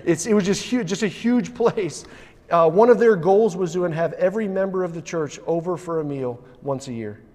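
Man, preacher, sermon, earnest, higher-pitched voice, long church reverb. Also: moderate pace, darkish tone. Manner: earnest, rising to urgent emphasis with many restarts. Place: church sanctuary.

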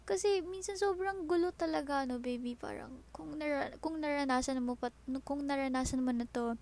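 A woman with a Filipino accent hosting a podcast, talking softly and rambling as she switches between English and Tagalog and calls the listener "baby.". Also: high-pitched, fairly quick. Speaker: podcast host. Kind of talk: personal podcast monologue.

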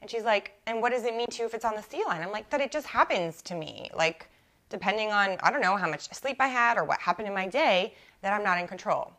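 A young adult woman hosting her own coaching podcast, talking casually and animatedly, full of "like" and quick self-corrections. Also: mid-range voice, lively intonation, pushed and bright. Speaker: life coach and podcast host. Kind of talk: casual solo podcast teaching.

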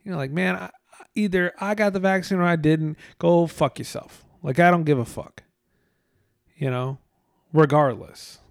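A man's voice: fairly high pitch, moderate pace, vocal fry, smooth, no room sound, clean studio sound. A man talking casually in a rambling way, swearing a lot and full of fillers, sounding tired. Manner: rambling, profane, frequent fillers.

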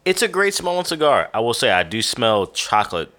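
A man co-hosting a casual beer-and-cigar podcast, talking in a relaxed, rambling way with lots of fillers, sounding tired and yawning at times as he reads tasting notes. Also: medium pitch, a little fast. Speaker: podcast co-host.

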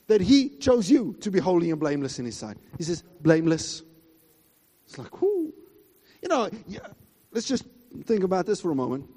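A man preaching a sermon emphatically, swinging between loud high exclamations and quiet asides. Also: big-room sound. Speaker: pastor.

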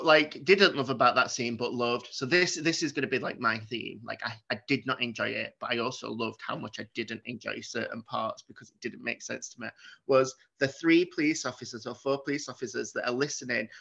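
Man, podcast film review, bright forceful tone, slightly muffled audio. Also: mid-range voice, fairly quick, gravelly. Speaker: podcast co-host. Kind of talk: casual chat, film review.

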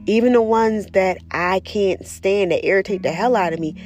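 A woman speaking candidly about her spiritual practice in a casual personal monologue, profane and animated as she tells stories. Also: medium pitch, moderate pace, faint music behind. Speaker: spiritual vlogger.

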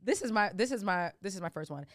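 Loud animated woman co-host. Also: medium pitch, quick pace, no room sound, studio quality. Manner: loud, animated, swears freely. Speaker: podcast co-host. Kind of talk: casual chat.

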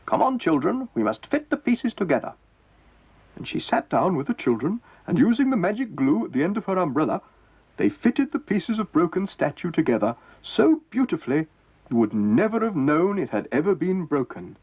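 A man narrating a children's story in a gentle, measured way, with a gravelly, husky voice. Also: a little high, sing-song. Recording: tinny lo-fi 1970s TV audio with faint music.

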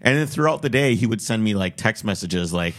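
Low-voiced Minnesotan man telling a story. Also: lively intonation, brisk. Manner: rambling storyteller, acts out quoted voices, laughs often. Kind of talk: casual chat.

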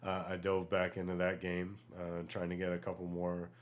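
A man hosting a solo podcast, chatting casually and ranting in an animated way, with many fillers, while getting over an illness. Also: sits low, normal speed. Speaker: podcast host.

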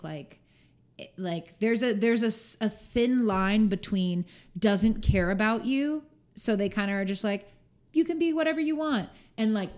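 Her medium-pitched voice has a slightly mellow quality. Appearing as a podcast guest in a relaxed interview, she chats freely, fills her speech with "like," and frequently performs other people's lines.

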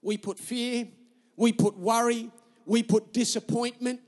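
A man's voice: very high-pitched, steady tone, unhurried, a little mellow, big-room sound. A man, a pastor preaching a sermon with emphatic repetition and storytelling.

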